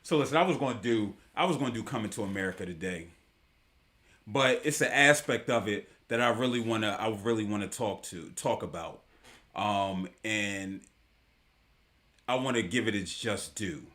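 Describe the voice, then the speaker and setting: A man's voice: on the low side, normal speed, fairly bright tone. A man hosting a live online talk show, giving casual commentary in an emphatic, slangy way and repeating his points for effect.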